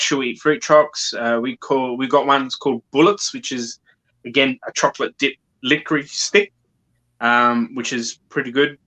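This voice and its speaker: A man's voice: mid-range voice, bright, forceful tone, rough recording. A man from South Australia with an Australian accent, chatting casually as an interview guest on a video call, with many ums and restarts. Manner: halting, many ums and repeated words.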